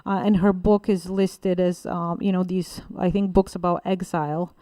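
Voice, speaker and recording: A woman from Bulgaria answers interview questions in English in a lower, smooth voice. She rambles, circling back with fillers and self-corrections. The sound is close and dry. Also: steady tone, moderate pace, warm tone, no room sound. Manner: rambling, many fillers and restarts. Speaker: guest writer and literary translator. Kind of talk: casual interview talk.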